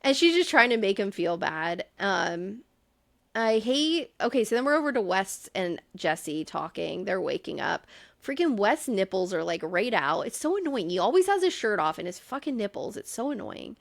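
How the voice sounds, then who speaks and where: A woman co-hosting a podcast, recapping a reality show in casual chat, exasperated and profane, with quick asides. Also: mid-range voice, sing-song, gravelly, no room sound. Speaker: podcast co-host.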